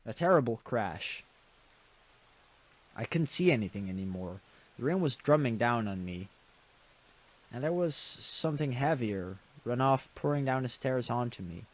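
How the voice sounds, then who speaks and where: A man reading a visual novel aloud with dramatic delivery and quick reactions. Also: medium pitch, lively intonation. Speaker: game streamer.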